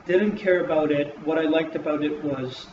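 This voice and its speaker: With a steady, darkish voice on the high side at normal speed, a man casually breaks down a wrestling show for his vlog. He swears often, rambles, and leans on fillers, all on hissy lo-fi audio that sounds dull and roomy.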